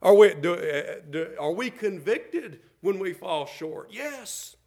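A middle-aged man preaching a sermon as pastor, repeating words as he builds a point and swinging from loud calls to soft, tender lines. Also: sits high, sing-song, slow pace.

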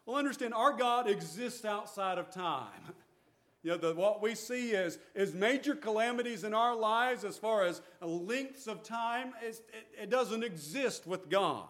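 A man's voice: sits high, a little slow, fairly bright tone. A man preaching a sermon, reading scripture aloud and explaining it with earnest restarts. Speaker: pastor.

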